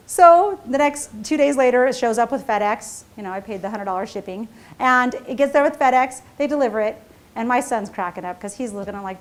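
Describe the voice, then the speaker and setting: A woman's voice: a little high, fast talker. A middle-aged woman, an entrepreneur, telling a chatty, self-mocking story at a seminar, laughing often and tossing in "right?". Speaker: entrepreneur and CEO giving a seminar talk. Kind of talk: storytelling keynote talk.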